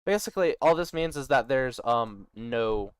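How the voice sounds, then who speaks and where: A man with a smooth, resonant voice at an ordinary mid pitch thinks aloud while working through a project on screen. He mutters to himself, reads notes aloud in quick bursts, and pokes fun at his own confusion. The sound is close and dry, with no room echo. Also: animated. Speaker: worldbuilder designing a conlang.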